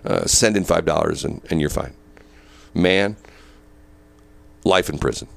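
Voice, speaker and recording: Deep gravelly older man, radio host. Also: measured pace. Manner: storytelling, boisterous, repeats words. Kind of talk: casual morning radio banter. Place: radio studio. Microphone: studio microphone.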